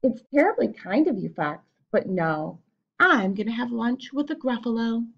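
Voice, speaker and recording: A woman voicing a small, clever brown mouse in a storybook, unhurried and knowing. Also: a little high, expressive, creaky, lo-fi sound. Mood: sly.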